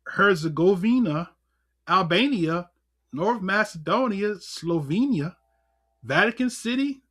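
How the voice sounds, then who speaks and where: A man in the role of elder teaching a livestreamed class on scripture and history, speaking, full of rhetorical questions and chuckles. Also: sits high. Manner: animated, rhetorical questions, chuckles, fumbles with notes. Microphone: computer mic on a livestream.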